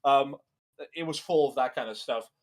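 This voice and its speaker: A man's voice: mid-range voice, moderate pace. A young man riffing casually as a co-host, rambling and profane, full of filler words. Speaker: co-host reacting to a video. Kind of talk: casual reaction commentary.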